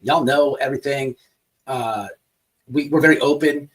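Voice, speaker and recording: A man's voice: mid-range voice, fairly even intonation, moderate pace. Mocking man heard from a distance. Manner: mocking, rambling. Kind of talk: casual livestream chat. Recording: voice distant from the mic.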